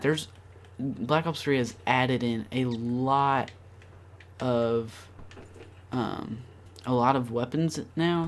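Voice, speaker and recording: Male gamer narrating his own matches; rambling delivery full of ums and likes, with sudden excited spikes. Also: medium pitch. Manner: rambling with many fillers, bursts of excitement. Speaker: gaming channel host. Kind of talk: casual gameplay commentary.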